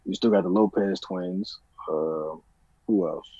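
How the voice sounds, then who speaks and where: A man's voice: low-pitched, a little slow, lo-fi sound, crowd noise. A man co-hosting a casual sports podcast, hesitant, opening his points with "I mean" and "I feel like". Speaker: podcast co-host.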